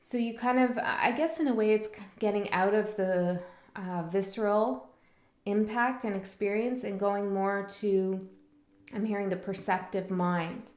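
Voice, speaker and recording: A woman's voice: mid-range voice, steady tone, a little slow, darkish tone, reverberant. A woman giving a tarot reading in a rambling, reflective way, full of fillers and restarts. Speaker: tarot reader. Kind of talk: casual spiritual monologue.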